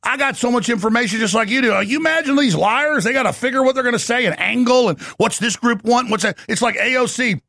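A man hosting a talk show, delivering an excitable rapid-fire ranting monologue with frequent shouting. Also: very high-pitched, gravelly, no room sound, studio quality.

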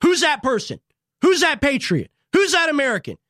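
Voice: very animated, normal speed, dry recording. Young host ranting fervently, dry studio. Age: young adult. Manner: fervent, preachy, repetitive rallying lines; big swings in pitch and loudness. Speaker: show host. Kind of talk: impassioned political monologue.

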